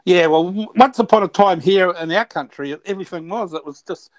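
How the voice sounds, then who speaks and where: A man with a New Zealand accent chatting casually, halting and restarting his sentences often. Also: high voice, dry recording. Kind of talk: casual chat.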